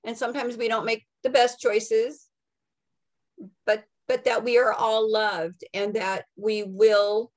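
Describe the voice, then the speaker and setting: Woman medium, soft and halting, relaying channeled messages, many restarts and fillers. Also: medium pitch. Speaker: psychic medium. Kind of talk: channeling messages in casual chat.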